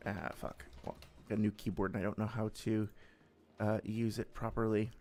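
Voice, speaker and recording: A man's voice: lowish voice, little pitch movement, normal speed, a little mellow. A young man hosting a casual live stream, talking to chat in a rambling, hesitant way with many fillers.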